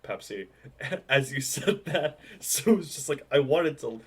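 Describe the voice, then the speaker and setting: Husky-voiced man player. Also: mid-range voice, lively intonation, measured pace, darkish tone. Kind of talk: casual tabletop game talk.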